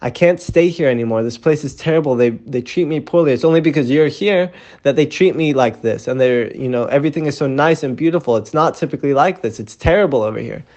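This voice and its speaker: A man's voice: medium pitch, quick pace, a little mellow, lightly acted. A man voicing an unhappy princess who pleads with her father, in a storytelling voice close to his own. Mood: pleading. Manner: pleading, upset.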